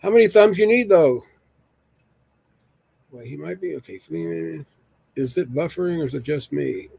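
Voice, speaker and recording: Give me a slightly high-voiced man rambling through a casual solo live stream, recorded dry on a desk mic. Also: lively intonation, normal speed, gravelly, darkish tone, slightly rough, no echo. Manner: rambling, jokey, reads chat aloud.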